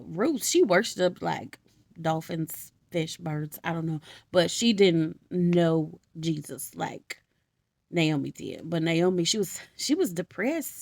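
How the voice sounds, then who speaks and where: A young woman telling a story in casual slang, animated, laughing often and acting out the quotes. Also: fairly low pitch, vocal fry, dry recording. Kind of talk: casual comedic Bible retelling.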